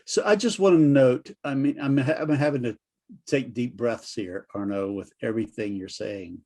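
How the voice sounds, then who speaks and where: A man hosting an interview, speaking slowly and softly in measured phrases. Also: medium pitch. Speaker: host interviewer.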